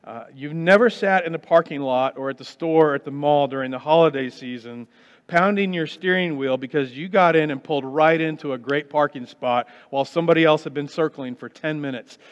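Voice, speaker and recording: A man's voice: a little high, fairly quick. A man preaching a sermon as a pastor, talking conversationally and acting out people's complaints in mock voices. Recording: dull sound with long hall reverb.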